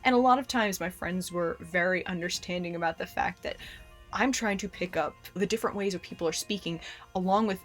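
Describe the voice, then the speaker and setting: A woman's voice: fairly low pitch, a little fast, faint music behind. A woman vlogger chatting casually to camera in a friendly way, speaking directly to her viewers.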